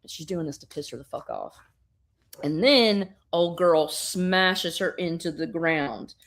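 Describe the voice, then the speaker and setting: Animated, swearing woman recapping a comic. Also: fairly low pitch, measured pace. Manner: animated, swears, acts out dialogue. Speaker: comics reviewer. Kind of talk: casual podcast recap.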